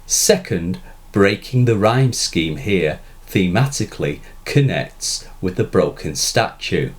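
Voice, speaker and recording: A male literature teacher talks through a poem at an unhurried pace. His fairly low voice rises and falls in a lively way, and he leans hard on the quoted lines. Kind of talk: scripted lecture narration.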